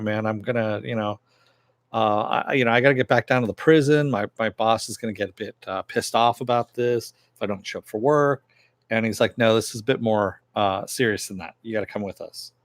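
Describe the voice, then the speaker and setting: A man's voice: fairly low pitch, fairly quick, no room sound. A man casually recapping a TV episode, rambling with many fillers and loosely acting out the characters' lines. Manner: rambling, filler-heavy, loosely acts out quotes. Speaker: TV episode reviewer.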